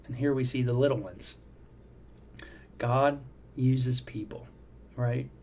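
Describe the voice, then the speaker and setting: A man's voice: medium pitch, steady tone, slow pace, gravelly, a little mellow, slight background noise. A middle-aged man giving a devotional Bible teaching in a conversational, reflective way, often asking "right?" and saying "you know.". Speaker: devotional host.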